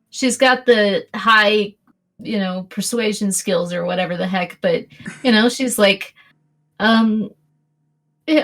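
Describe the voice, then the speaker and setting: A woman narrating a tabletop role-play game as game master, speaking in a chatty, halting way and often breaking into laughter. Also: mid-range voice, a bit bright.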